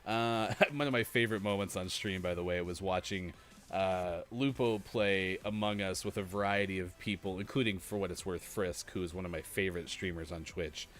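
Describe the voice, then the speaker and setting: A man's voice: deep voice, fairly even intonation, normal speed, a bit bright. A man in his thirties co-hosting a gaming morning show in casual chat, laughing often while telling anecdotes.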